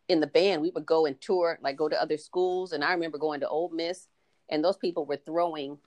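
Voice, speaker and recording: As a podcast guest, a middle-aged woman with a deep voice shares stories in relaxed conversation. She performs the quoted dialogue of the people in them, and the audio has no echo.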